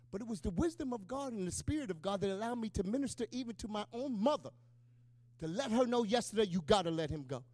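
Middle-aged pastor man preaching, really high voice, dry close sound, chatty asks the crowd amen. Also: darkish tone, dry recording. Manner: emotional, conversational preaching with call-and-response asides. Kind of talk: sermon.

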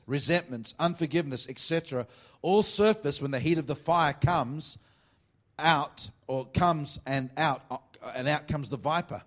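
Jokey preaching man, teasing his congregation. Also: fairly high pitch. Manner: reads scripture slowly and deliberately. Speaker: pastor. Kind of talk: sermon.

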